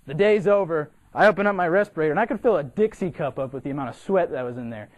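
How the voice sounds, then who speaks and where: A young man from Massachusetts, a cadet, giving an animated, humorous storytelling speech for a competition and acting out the people in his story. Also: on the high side, quick pace, lo-fi sound. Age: young adult.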